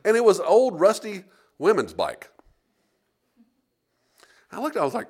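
A man's voice: sits high, normal speed, long pauses. A middle-aged man preaching as a pastor, telling stories and asking the congregation for amens. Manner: lively preaching with call-and-response amens. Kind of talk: sermon with storytelling.

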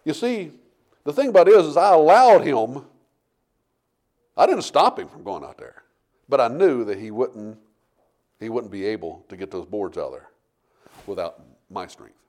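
A middle-aged man preaching a sermon, telling homey stories and building to forceful emphasis. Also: medium pitch, animated, moderate pace, pauses often. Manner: folksy storytelling preacher, rising to forceful emphasis. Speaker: pastor.

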